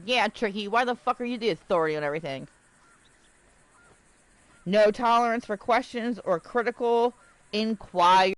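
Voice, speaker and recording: A woman's voice: mid-range voice, normal speed, long pauses, no echo, low-quality recording. A woman live streaming a game, chatting casually, reading text aloud and riffing with jokes for her viewers. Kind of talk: casual livestream chat while gaming.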